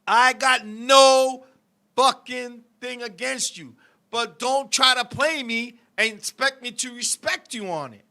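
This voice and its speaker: A man's voice: very high-pitched, lively intonation, unhurried, creaky, pushed and bright. A middle-aged man hosting a live-stream talk show, telling a story in a heated, profane way and talking to his co-host and viewers.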